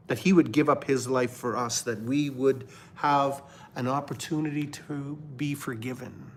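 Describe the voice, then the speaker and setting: A man from Canada hosting a livestream of religious commentary, preaching fervently and then dropping to a hushed murmur. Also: medium pitch, steady tone, unhurried. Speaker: livestream host.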